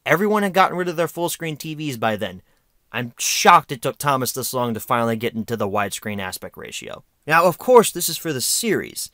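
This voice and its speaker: A man's voice: medium pitch, sing-song, a little fast, bright, forceful tone, no room sound, clean studio sound. A young American man giving an unscripted, rambling video review with sarcastic, self-mocking asides. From United States.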